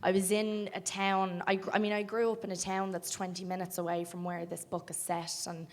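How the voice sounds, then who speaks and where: A woman's voice: medium pitch, level tone, brisk. Young Irish woman with a Dublin accent. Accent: Irish, generic Dublin. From Ireland. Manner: chatty, full of ums and laughs. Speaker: film actor guest. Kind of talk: casual panel interview. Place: festival cafe stage.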